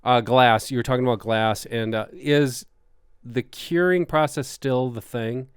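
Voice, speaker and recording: A man's voice: mid-range voice, fairly even intonation, a little slow, clear, resonant tone, no room sound, clean studio sound. A middle-aged man with a Wisconsin accent hosting a podcast, easygoing and rambling as he talks. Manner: easygoing, rambling, lots of fillers. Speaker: podcast host. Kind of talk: podcast conversation.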